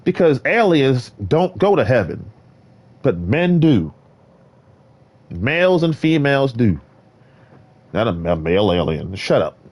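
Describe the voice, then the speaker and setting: A man's voice: mid-range voice, big pitch swings, unhurried, pauses often, a little mellow. Boastful man ranting to his viewers. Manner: boastful, preachy, talks to viewers directly. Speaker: gaming streamer. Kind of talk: rambling solo stream talk. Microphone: desk mic in a carpeted room.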